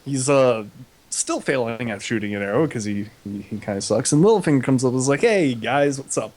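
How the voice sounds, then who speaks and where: A man's voice: medium pitch, expressive, quick pace, darkish tone. A young man casually recapping an episode with a comedic twist, paraphrasing the characters in slangy, offhand voices.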